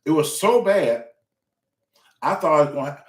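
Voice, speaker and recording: A man hosting a show, telling a story in casual, profane speech and acting out the quotes. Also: unhurried. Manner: animated, profane, acts out quotes with loud pitch jumps. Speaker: show host. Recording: echoey room.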